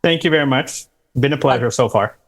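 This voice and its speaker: A man's voice: medium pitch, brisk, vocal fry. Emphatic man giving interview advice. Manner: emphatic, instructive, quotes interview lines. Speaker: career coach guest. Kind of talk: advice-giving podcast talk.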